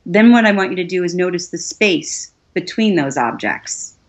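Woman voiceover artist, middle-aged, slightly low voice, earnest coaching tone, casual talk. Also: expressive, normal speed. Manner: earnest, coaching, gives step-by-step instructions. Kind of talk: casual advice in a conversation.

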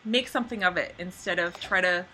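Bright chatty woman coaching on camera. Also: fairly quick, a little hiss or hum. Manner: chatty, lots of "like", acts out little scenes in a high voice. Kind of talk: casual webinar coaching. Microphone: computer microphone on a webinar.

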